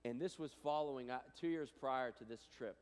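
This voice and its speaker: A man giving a chapel talk to students, animated and casual, swinging between loud and hushed, with plenty of fillers. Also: medium pitch, fairly quick, clear, resonant tone. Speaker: guest speaker. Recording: reverberant hall.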